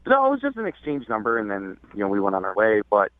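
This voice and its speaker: A man's voice: fairly low pitch, wildly swooping pitch, fast talker, no echo. A young adult man calling in to a radio show, telling a dating story in a hesitant, rambling way full of fillers. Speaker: caller. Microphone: telephone. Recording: tinny dry phone line.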